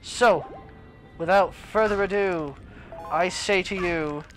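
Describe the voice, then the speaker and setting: A man's voice: high-pitched, takes it slowly, faint music behind, poor audio. A young man commentating his own gameplay as a let's play host, exasperated and exclaiming at the game.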